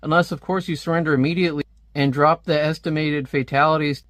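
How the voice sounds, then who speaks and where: A sneering, self-satisfied genius villain taunts his rival with cutting remarks, as a man reads the comic's lines aloud. The voice sits a little high and sounds dry and close. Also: steady tone, fast, a bit bright, dry recording, natural voice. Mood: smug taunting. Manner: mocking, taunting. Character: smug scheming male genius villain. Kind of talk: reading comic dialogue aloud.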